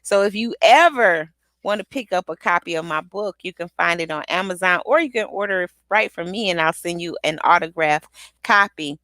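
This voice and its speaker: Gravelly, energetic motivational woman. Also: on the low side, no echo. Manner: energetic, repetitive affirmations with call-and-response. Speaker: motivational speaker and author. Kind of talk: live motivational pep talk.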